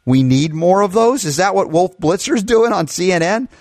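A man's voice: high-pitched, expressive, moderate pace, a little mellow. A man hosting a talk radio show, delivering an impassioned monologue full of rhetorical questions, into a studio mic.

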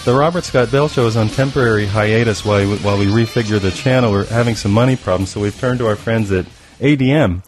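A man's voice: lowish voice, fast, over music. A man filling in as co-host on a radio talk show, joking and playful in casual banter. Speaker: guest co-host.

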